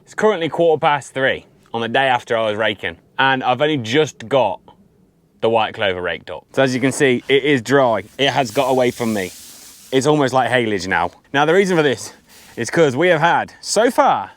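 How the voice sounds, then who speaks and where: A man's voice: medium pitch, animated, normal speed, fairly bright tone. A man, chatting casually as he films his farm work, rambling and poking fun at himself. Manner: chatty, rambling, self-deprecating. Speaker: farmer vlogger. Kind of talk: casual vlog commentary. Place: outdoors on a farm and in a tractor.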